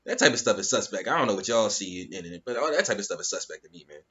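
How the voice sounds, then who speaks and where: A man's voice: lowish voice, lively intonation, fast, sharp tone, highs cut off. Incredulous man ranting in slang. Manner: incredulous, mocking, repeats phrases, slangy. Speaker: YouTube commentator. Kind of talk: casual commentary rant.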